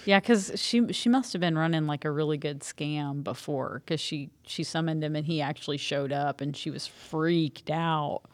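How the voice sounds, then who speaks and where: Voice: medium pitch, normal speed, few pauses, dry recording. A co-host on a casual faith podcast, easygoing and agreeable.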